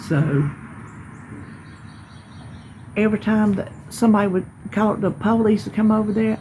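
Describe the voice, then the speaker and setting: A woman telling a story about her neighbors outdoors in a folksy, emphatic, animated way. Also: mid-range voice, moderate pace, pauses often, slight background noise, rough recording. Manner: folksy, emphatic, animated retelling with hollered quotes. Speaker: vlogger. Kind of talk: casual storytelling.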